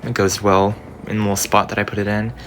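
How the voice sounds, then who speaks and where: A man's voice: fairly low pitch, flat delivery, quick pace, fairly bright tone, slight background noise. A man chatting casually at home, hesitant and trailing off with ums. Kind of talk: casual vlog chat.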